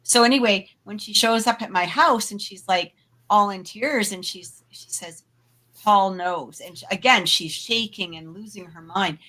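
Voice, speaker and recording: Speaking at a normal speed in a medium-pitched voice with a sharp tone, this paranormal podcast co-host relates a personal story. She's chatty, leans heavily on fillers and side remarks, and laughs easily throughout.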